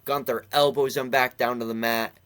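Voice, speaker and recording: Male recap host, mid-pitched, conversational rant delivery with lots of filler. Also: flat delivery, moderate pace, fairly bright tone, clean tone. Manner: chatty, ranting, frequent fillers. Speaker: wrestling commentary youtuber. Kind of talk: casual recap and opinion.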